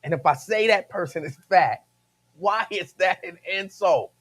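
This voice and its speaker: A man's voice: sits high, expressive, a little slow, fairly bright tone. Emphatic talk-radio host, a man. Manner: repeats phrases, emphatic, laughs between points. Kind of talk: casual talk-radio monologue.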